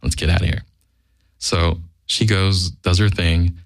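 Speaking a little slowly with fairly even intonation, a low-voiced man gives a blunt, casual, profane anecdote as a guest storyteller, acting out what people said. The recording is dry and studio quality.

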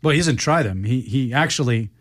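A man in a casual chat, sardonic and quick to argue details. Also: medium pitch, animated, no echo, clean studio sound. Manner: argumentative, sardonic.

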